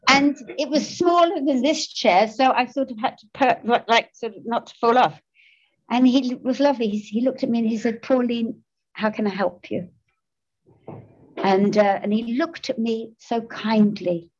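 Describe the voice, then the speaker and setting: A woman's voice: fairly high pitch, moderate pace, highs cut off. An older woman, giving a personal testimony about her recovery, self-mocking, emotional and often laughing. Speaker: recovery speaker.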